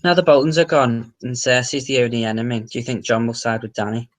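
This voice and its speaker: A man's voice: mid-range voice, steady tone, quick pace. A man from the Wirral with a Merseyside accent, hosting a casual livestream Q&A, reading out viewer comments and answering them, swearing now and then. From the Wirral, England. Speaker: livestream host.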